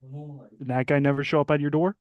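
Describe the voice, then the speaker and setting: A man playing in a tabletop role-playing game, talking in a calm, laid-back and slightly halting way. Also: fairly high pitch, no echo, highs cut off. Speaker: player. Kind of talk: in-character tabletop role-play.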